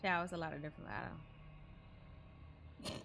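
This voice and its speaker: A woman's voice: sits low, fairly even intonation, moderate pace, vocal fry, a bit bright, a little hiss or hum. A woman streamer chatting casually while playing an online game, thanking viewers and joking with friends in loose slangy talk. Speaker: streamer hosting a multiplayer horror game session. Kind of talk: casual gaming chat.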